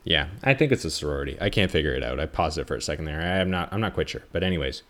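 A man's voice: extremely low pitch, lively intonation, very fast, fairly bright tone. A man hosting a podcast, chatting casually about a film in a rambling, self-correcting way, swearing freely. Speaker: podcast host. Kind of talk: casual movie review chat.

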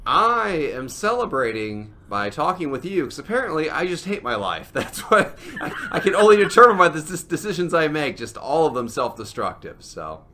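A man co-hosting a comedy debate show, trading jokes in a dry, deadpan, sarcastic way. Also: on the high side, normal speed, hardly any pauses, slight background noise. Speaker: podcast co-host. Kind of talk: comedic banter.

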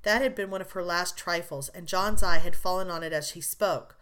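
A woman's voice: fairly low pitch, steady tone, moderate pace, few pauses, a bit bright. Woman narrating a classic novel. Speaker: audiobook narrator.

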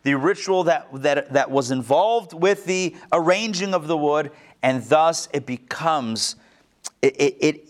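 A man casually teaching a study class, asking the group questions and making joking asides. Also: on the high side.

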